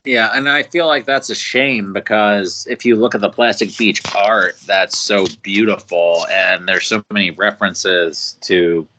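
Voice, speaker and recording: A man co-hosting a podcast, chiming in casually and quickly during the discussion. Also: on the low side, steady tone, sharp tone, rough recording. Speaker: podcast co-host.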